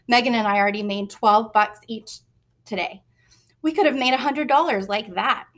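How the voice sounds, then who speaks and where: A woman's voice: fairly high pitch, moderate pace, close to an everyday voice. A woman voicing a bold, smug young girl in a storybook reading. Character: small bold girl, smug little sister.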